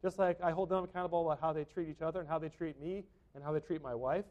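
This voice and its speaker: A middle-aged man delivers a sermon from the pulpit in a notably high voice. He preaches conversationally as a pastor and keeps checking in with his listeners through rhetorical tag questions. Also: fairly even intonation, fast talker, dull audio.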